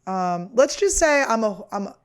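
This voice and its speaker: On her podcast, a woman comedian in her thirties delivers a casual, confessional ramble, swearing, mocking herself and filling gaps with fillers. She speaks at a moderate pace in a high-ish, expressive voice that comes across clear and resonant.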